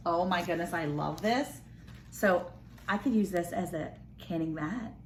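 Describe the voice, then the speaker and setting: A woman, chatting excitedly and gushing as she unboxes a package for her vlog. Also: on the low side, measured pace, a little hiss or hum. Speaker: homestead vlogger. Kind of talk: casual unboxing chat.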